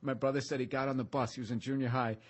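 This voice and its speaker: A man tells a story on his podcast. His voice is a little husky and he swears freely. He talks in a loose, animated way. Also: mid-range voice, very fast. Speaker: podcast host. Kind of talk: casual storytelling chat.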